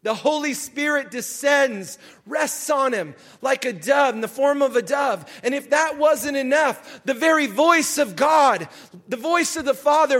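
A male pastor preaching a sermon in an animated way, shouting for emphasis. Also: extremely high pitch, unhurried.

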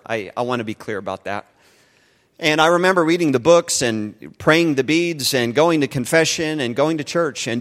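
A middle-aged man preaching a sermon, earnest and emphatic, often asking the congregation rhetorical questions. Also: mid-range voice. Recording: long hall reverb.

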